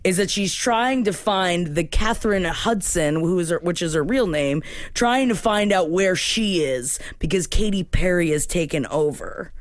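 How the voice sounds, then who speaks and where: A woman's voice: lowish voice, measured pace, no room sound. A woman co-hosting a podcast, chatting casually in a skeptical, wry way into a studio mic. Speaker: podcast co-host. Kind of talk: casual chat.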